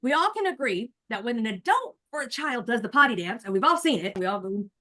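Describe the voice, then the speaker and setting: A woman in her forties speaks over a video call with a slightly high, bright-toned voice. She is animated and chatty, talking straight to her listeners as a coach would. Her manner shifts into rehearsing a prepared speech. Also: fairly quick. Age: 40s. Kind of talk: casual chat, then rehearsing a speech.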